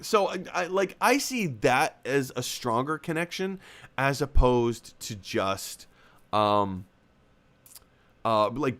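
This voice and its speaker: A young man hosts a casual live movie stream, talking through viewer comments off the cuff. His pitch swings widely and lively, and he rambles with plenty of ums and restarts. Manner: rambling, restarts, many fillers. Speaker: host of a live movie chat show.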